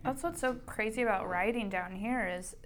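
A woman's voice: medium pitch, moderate pace, a little hiss or hum. Chatty woman talking about riding. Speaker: motorcycle rider. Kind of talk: casual chat.

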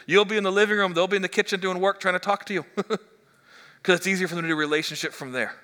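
Lively preaching man in an echoey hall. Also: sits high, quick pace. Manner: animated, joking, stammering restarts. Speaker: pastor. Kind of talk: sermon. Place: church hall.

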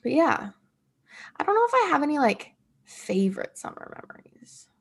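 Young woman, twenties, casual chat, vocal fry, self-deprecating, laughs a lot. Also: sits high, big pitch swings, moderate pace, a little hiss or hum. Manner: chatty, self-deprecating, laughs often, lots of fillers.

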